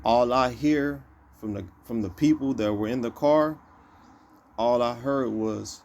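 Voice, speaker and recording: A man's voice: mid-range voice, measured pace, slight background noise. A man recounting a personal event in casual, repetitive storytelling, often circling back with "you know" and "like I say.".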